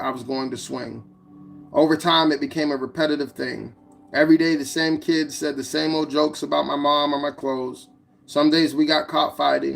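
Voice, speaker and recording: Gravelly man reading his memoir. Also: a little high. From United States. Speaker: author narrating his own memoir. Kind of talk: audiobook memoir narration.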